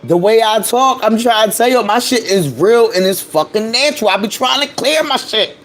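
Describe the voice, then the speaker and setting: A woman's voice: on the high side, moderate pace. A woman with a nasal voice hosting a live stream of casual celebrity gossip, brash and profane, laughing often. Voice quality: nasal, allergy-stuffed voice.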